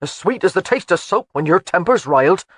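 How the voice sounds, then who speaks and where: Old Highland man, gruff and teasing, voiced by the audiobook narrator; animated delivery, dry studio sound. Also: brisk, no room sound. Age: older. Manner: blunt, scolding, folksy. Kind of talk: audiobook character voice.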